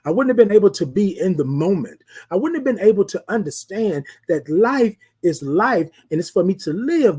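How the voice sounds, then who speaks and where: This is a husky-voiced host giving a motivational talk on a live show. The speech keeps circling back to the same phrases and reaches out to listeners with rhetorical questions. The tone is preacherly and direct, with regular nods to "ladies and gentlemen.". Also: mid-range voice. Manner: repetitive, preacherly, asks the audience rhetorical questions.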